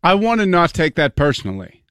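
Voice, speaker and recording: A man's voice: on the high side, sing-song, brisk, a bit bright, smooth, dry recording, studio quality. Wry, self-deprecating male co-host. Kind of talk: casual radio banter.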